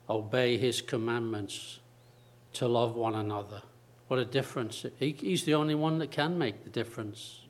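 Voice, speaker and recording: A male preacher delivering a sermon at an unhurried pace, leaning on repetition and long pauses between phrases. His voice sits at an ordinary middle pitch. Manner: slow, deliberate preaching with repeated phrases and dramatic pauses.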